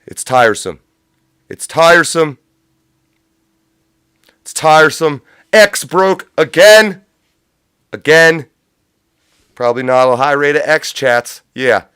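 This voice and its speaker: A man's voice: a little high, slow, pauses often, sharp tone, clean tone, no room sound, clean studio sound. Profane ranting livestream host, man. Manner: profane, sarcastic, rambling. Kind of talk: unscripted livestream rant.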